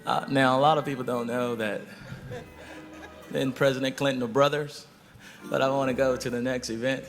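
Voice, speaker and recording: Man impersonating a gravelly-low elderly politician, drawling, reverberant hall, music bed. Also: level tone, normal speed, lightly acted. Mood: folksy. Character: older male statesman, slow, deep-voiced, folksy.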